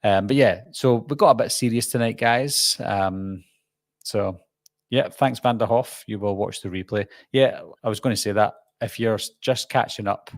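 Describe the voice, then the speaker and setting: A Scottish man chats casually through a live-stream Q&A, rambling and poking fun at himself. His voice sits fairly low and is recorded close and dry at a home desk mic. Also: normal speed, no echo. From Scotland. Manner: rambling, self-deprecating, chatty. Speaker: horror channel host.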